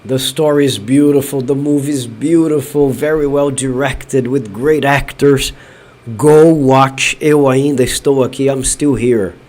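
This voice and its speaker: A man from Brazil hosting a live watch-party stream from his home studio, shouting elated cheers between chatty remarks. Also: medium pitch, fairly even intonation, a little slow. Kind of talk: excited live-stream chat.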